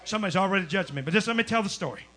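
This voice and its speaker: A man preaching a Pentecostal sermon as a guest preacher, telling a testimony, swinging from hushed storytelling to shouting. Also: sits high, lively intonation, rapid-fire. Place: church sanctuary.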